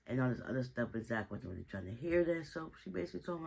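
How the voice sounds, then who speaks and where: Male recap vlogger, relaxed and slangy, mid-range voice. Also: mid-range voice, racing, gravelly, few pauses, husky, low-quality recording. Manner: slangy, chatty storytelling with frequent asides. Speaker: TV show recap host. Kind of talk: casual episode recap.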